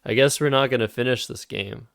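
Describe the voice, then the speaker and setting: A man's voice: mid-range voice, fairly quick, vocal fry, no room sound, clean studio sound. A man casually thinking aloud while playing word games on a live stream. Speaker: streamer and Scrabble player.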